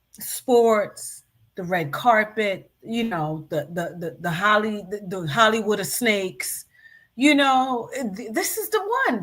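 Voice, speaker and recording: A woman's voice: fairly bright tone, poor audio. Indignant woman ranting over clips. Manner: indignant, repetitive, swinging pitch. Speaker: commentary show host. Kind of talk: reaction commentary.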